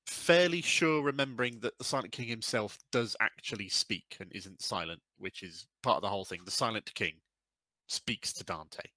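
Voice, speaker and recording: Low, bright-toned podcast co-host man. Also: moderate pace, no echo, poor audio. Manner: rambling, frequent fillers and restarts, sweary. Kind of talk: casual chat.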